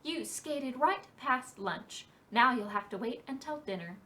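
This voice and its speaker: Woman voicing a bossy female woodland animal, brisk, exclaiming, storybook. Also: high-pitched, lively intonation, pushed and bright, exaggerated voice.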